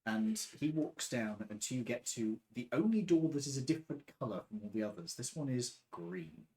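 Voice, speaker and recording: A man's voice: medium pitch, animated, moderate pace, warm tone. A man narrating a tabletop game as game master, describing scenes with the odd filler.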